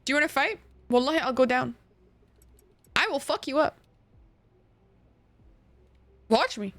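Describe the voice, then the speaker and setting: A young woman streaming a game in a casual, expressive way, swearing often and mixing in Arabic phrases. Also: sits high, fairly quick.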